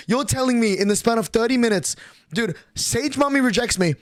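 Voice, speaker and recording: A young man streaming, telling a long story in an excitable, profane way and acting out the other people's lines. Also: very high voice, brisk, no echo. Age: young adult.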